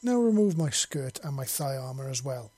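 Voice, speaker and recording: A man voicing a fierce, commanding alien warrior woman who speaks in a stern, domineering and halting way. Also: mid-range voice, sing-song, dark tone, husky.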